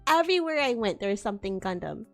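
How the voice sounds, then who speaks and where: A young woman with a high, bright-sounding pitch chats casually on a stream and tells a story with animated energy. She laughs often and curses freely. Soft music plays faintly underneath. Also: fast talker. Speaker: VTuber streamer. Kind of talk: casual chat.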